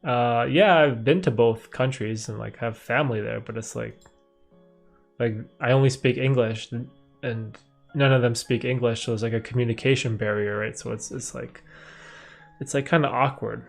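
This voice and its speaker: A young Canadian-raised man chatting casually to camera on a live stream, circling his points with "like" and "you know" and restarting sentences. His voice sits at an ordinary middle pitch. Soft music plays faintly underneath. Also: fairly even intonation, normal speed, creaky. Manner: rambling, many fillers and restarts. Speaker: livestream host answering viewer questions.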